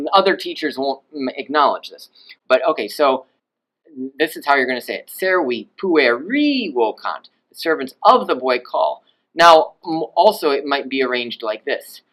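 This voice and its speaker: In a video lesson with poor audio, a man teaches Latin grammar, swooping his pitch up and down to demonstrate pronunciation. He is animated and sharp-toned, speaking at a moderate pace.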